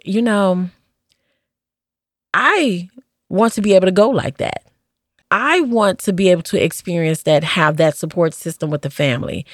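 A woman, a former hospice nurse, telling stories from her work in a casual interview, acting out what people said with lively jumps in her voice. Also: no room sound, clean studio sound. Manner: animated, acts out quoted dialogue with big pitch jumps.

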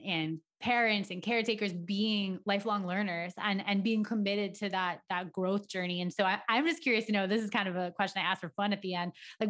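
A woman's voice: medium pitch, a bit bright. A woman hosting a podcast interview, responding with encouragement and asking questions. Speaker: podcast host.

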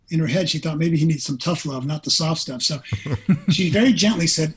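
A man's voice: fairly high pitch, quick pace, fairly bright tone, slightly rough. A middle-aged man, a former pro football player, telling an earnest personal story in an interview.

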